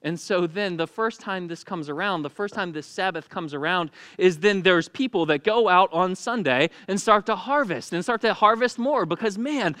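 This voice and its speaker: A man's voice: high-pitched, normal speed, hardly any pauses, pushed and bright, clean tone, dry recording, studio quality. A man preaching a sermon in a casual, humorous storytelling manner, acting out the people he quotes. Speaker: pastor.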